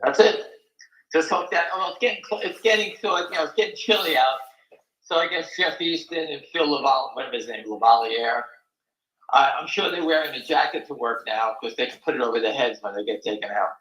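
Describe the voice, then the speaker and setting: A man's voice: medium pitch, fairly quick, sharp tone, roomy sound, dull audio. An older man hosting a live stock market talk show, blunt, folksy and rambling.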